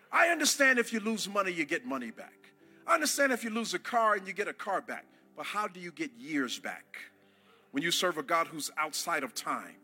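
A man preaching a sermon to a church congregation, impassioned, rising to shouts and calling on the crowd to answer. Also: sits high. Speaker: pastor.

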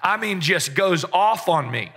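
A man's voice: sits high, lively intonation, a little slow, fairly bright tone, husky. A man preaching a sermon to a congregation, telling stories with joking asides and call-and-response. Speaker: pastor. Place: church service in front of a congregation.

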